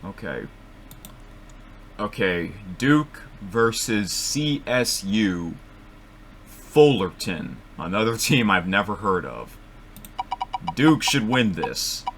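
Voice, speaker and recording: Slow-talking man with a bright voice. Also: lowish voice, a little hiss or hum. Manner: rambling, self-correcting, sudden excited outbursts. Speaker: vlogger making bracket picks. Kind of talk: casual thinking-aloud commentary. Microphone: computer microphone.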